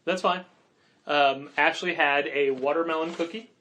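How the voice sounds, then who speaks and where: A man co-hosting a podcast in casual chat, rambling with quick asides and frequent laughs. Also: a little high, steady tone, pushed and bright. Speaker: podcast co-host and comic shop owner.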